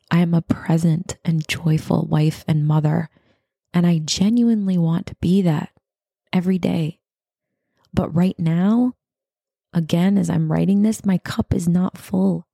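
A woman in her thirties, a podcast host reading her own reflective writing in an earnest, intimate way, slipping into breathy whispers. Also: lowish voice, dry recording, clean studio sound. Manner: soft, earnest, intimate address to listeners, drifting into breathy whispers.

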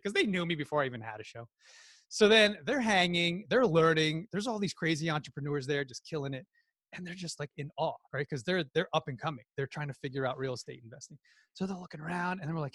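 A man with a New Jersey accent, a podcast guest telling animated stories and acting out quotes in casual chat. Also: a little high, fairly quick, dry recording, studio quality. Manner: animated storyteller, acts out quotes.

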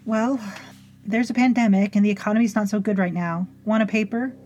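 A woman doing a brisk, unflappable witch. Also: mid-range voice, a little mellow, faint music behind, lightly acted. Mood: breezy.

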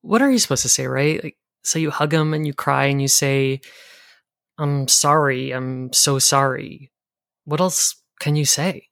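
A man's voice: medium pitch, a little slow, creaky, fairly bright tone, no echo, clean studio sound. An actor playing a grieving man's brother who rambles awkwardly and gets defensive.

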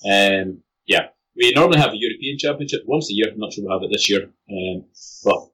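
A man's voice: fairly low pitch, lively intonation, a little fast, fairly bright tone, breathy edge, rough recording. A man with a Scottish accent, a guest on a casual podcast, with dry self-mocking humour. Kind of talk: casual chat.

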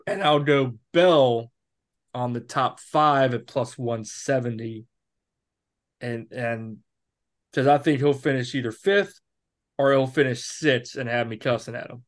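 A man's voice: mid-range voice, unhurried. A man in his thirties co-hosting a podcast, talking through sports bets in a rambling, self-correcting way. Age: 30s. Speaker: podcast co-host. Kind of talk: casual sports betting chat.

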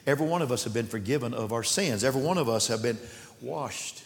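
A man preaching a sermon in a church, impassioned, swinging between shouts and hushed asides. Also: medium pitch, fast. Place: church sanctuary. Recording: long church reverb.

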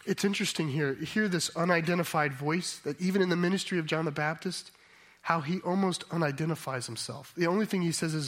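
Male pastor preaching a sermon, bit high voice, thinks out loud then gets emphatic. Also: brisk. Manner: thoughtful, reflective, rising to emphatic.

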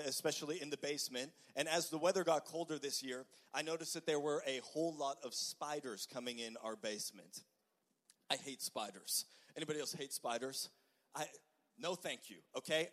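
A young man preaching a sermon as a lively story, with frequent stammered restarts and "okay?" asides. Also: a little high. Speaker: pastor.

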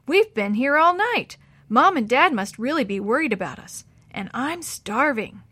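A woman's voice: high voice, very animated, moderate pace, a bit bright, slightly rough, dry recording, voice pushed up, heavily acted. A woman voicing an anxious young boy in a storybook read-aloud, speaking eagerly and worriedly in a raised voice.

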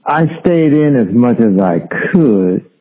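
A man's voice: medium pitch, animated, takes it slowly. A man as a podcast guest, laid-back and easygoing, laughing along with the host. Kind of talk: casual interview. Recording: tinny phone-line audio.

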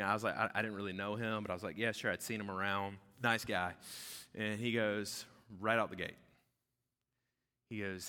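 Male pastor, fairly low voice, emphatic conversational sermon, long hall reverb. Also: moderate pace, sharp tone.

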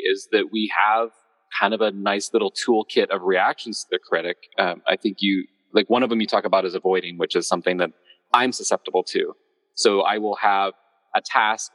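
Man, host, reflective, lowish pitch, long reverb. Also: fairly bright tone. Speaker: interviewer, host. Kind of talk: conversational interview.

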